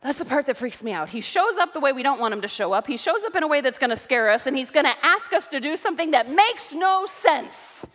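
A middle-aged woman pastor delivering an animated sermon, telling stories between points. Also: sits high, brisk, few pauses. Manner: animated preaching with storytelling asides. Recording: long hall reverb.

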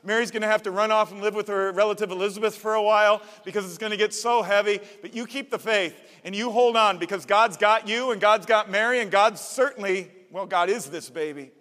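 A man's voice: high-pitched, fairly quick, hardly any pauses, bright, forceful tone, big-room sound, pitched above the performer's own voice. A man voicing a bold male angel messenger who speaks with emphatic, rising urgency. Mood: reassuring.

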